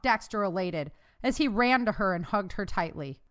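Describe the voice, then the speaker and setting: Smooth-voiced woman narrating a novel. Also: medium pitch, expressive, normal speed. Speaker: audiobook narrator. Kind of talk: scripted narration.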